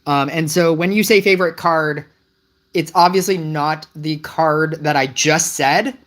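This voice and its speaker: A game streamer talks live to the chat in a loose, rambling way, often restarting sentences. The voice sits at a middling pitch, puzzled and wryly teasing the viewers. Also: measured pace. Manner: wry, gently teasing the chat.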